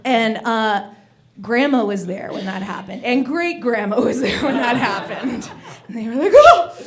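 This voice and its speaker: Woman doing stand-up, lively storyteller. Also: a little high, unhurried. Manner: animated storytelling, acts out kids' voices. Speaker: stand-up comedian. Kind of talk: stand-up comedy set. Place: comedy club stage.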